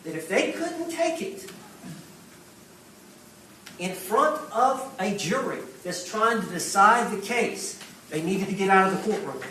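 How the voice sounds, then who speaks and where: A man, a defense attorney, arguing a motion in court with measured, hesitant pleading. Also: sits high, lively intonation, pushed and bright, slight background noise. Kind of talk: courtroom argument. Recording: echoey courtroom feed, mic far off.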